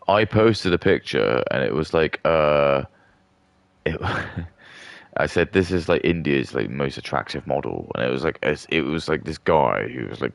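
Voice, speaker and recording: A man's voice: rumbling low, gravelly, dry recording. A man streaming and ranting in casual commentary, rambling with many filler words and restarts.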